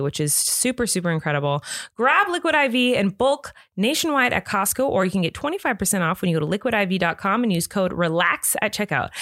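A woman's voice: medium pitch, fairly bright tone, dry recording, clean studio sound. A woman co-hosting a podcast, chatting casually, telling stories and reading an ad with laughs. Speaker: podcast co-host. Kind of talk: casual chat with ad read.

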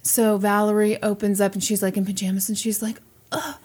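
A woman hosting a podcast, casually telling a true-crime story in an animated way, acting out quotes and laughing often. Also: mid-range voice, brisk, breathy edge. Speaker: podcast host.

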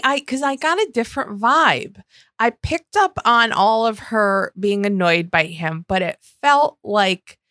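A woman co-hosting a podcast, joking and swearing in animated casual chat about a reality show. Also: mid-range voice, no echo, clean studio sound. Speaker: podcast co-host.

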